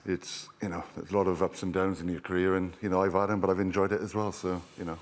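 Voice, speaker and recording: Fast-talking very deep-voiced easygoing man. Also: flat delivery. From Wales. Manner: easygoing, laid-back, rambling with fillers. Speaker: studio guest, former rugby player. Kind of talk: casual interview answers.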